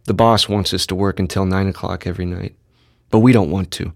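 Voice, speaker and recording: A man's voice: sits low, fairly even intonation, brisk, creaky, a little mellow, no room sound, clean studio sound. A man voicing a worried, hardworking father who blusters and stammers in a storybook reading.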